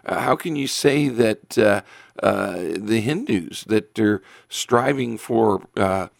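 Earnest low gravelly pastor, man. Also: slow pace, dry recording, clean studio sound. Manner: earnest, emphatic, with many ums and restarts. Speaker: pastor and radio show host. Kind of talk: radio talk show preaching.

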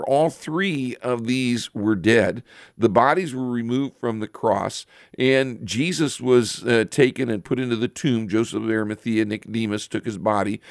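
A man giving a Bible teaching, reading verses aloud and explaining them with frequent pauses and fillers. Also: medium pitch, dry recording, clean studio sound.

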